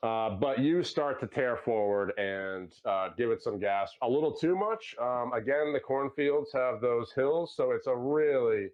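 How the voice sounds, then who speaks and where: A man narrating a tabletop game as game master, in a loose, halting way with many fillers. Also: medium pitch. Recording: dull lo-fi sound.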